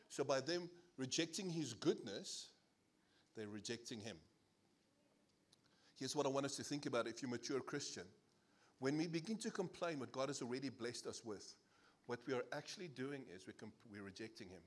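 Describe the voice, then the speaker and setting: A South African-accented man preaching a sermon as pastor, animated and playful, laughing as he jokes with the congregation. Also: mid-range voice, moderate pace. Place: church service.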